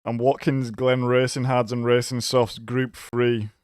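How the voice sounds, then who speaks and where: A very tired man giving casual commentary while he livestreams a racing game, low-key, trailing off and groaning between remarks. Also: level tone, a little slow, darkish tone, clean tone, no echo, clean studio sound. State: very tired, yawning. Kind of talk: casual live-stream commentary.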